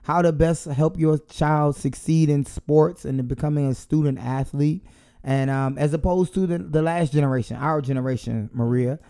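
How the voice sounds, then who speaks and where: A man's voice: on the high side, normal speed, dark tone, smooth. A man co-hosting a podcast in casual chat, joking and easygoing. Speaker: podcast co-host.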